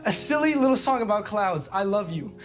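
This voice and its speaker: A man's voice: high-pitched, animated, soft background music. An actor playing an earnest teenage boy who halts and repeats himself as he tenderly confesses his love, in a teen drama series. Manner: tender, heartfelt, halting.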